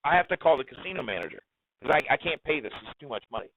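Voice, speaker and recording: A man's voice: on the high side, sing-song, rapid-fire, dry recording, narrow, tinny audio. A man voicing a flustered young female slot attendant who stammers in a panic. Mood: panicked.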